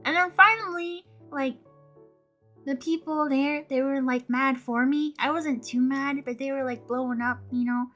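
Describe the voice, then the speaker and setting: A woman's voice: high voice, moderate pace, faint music behind. A young woman chatting casually as a streamer, telling a story with lots of laughter and acted-out quotes. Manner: animated, laughs often, acts out quotes.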